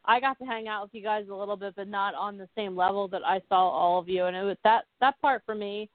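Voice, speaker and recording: A woman hosting a casual conversation, relaxed and encouraging, with lots of "like" and "I mean". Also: mid-range voice, quick pace, dry recording. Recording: tinny phone-like line.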